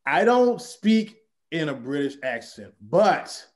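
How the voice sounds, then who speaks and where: A man hosting a casual podcast interview, animated and chatty. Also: on the high side, slow. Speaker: podcast host.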